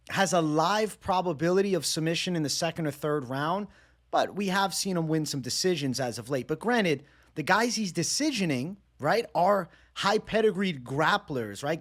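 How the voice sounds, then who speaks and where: A man with a fairly high voice talks through fight predictions on his own. His delivery is energetic and loose, full of slang and casual asides. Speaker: MMA betting analyst. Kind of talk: casual solo breakdown.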